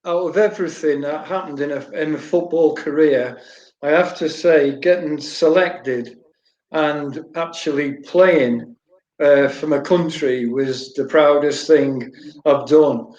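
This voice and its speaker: A man's voice: on the high side, slow, a little mellow. Storytelling man, roomy lo-fi sound. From Wales. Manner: anecdotal, repeats words, laughs while telling stories. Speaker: former goalkeeper guest. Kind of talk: storytelling interview answers.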